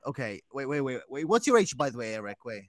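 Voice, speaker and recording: A man's voice: mid-range voice, very animated, quick pace, fairly bright tone, no room sound. A nineteen-year-old man on a casual podcast, mocking and ranting with heavy swearing. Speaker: podcast regular. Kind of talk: casual chat.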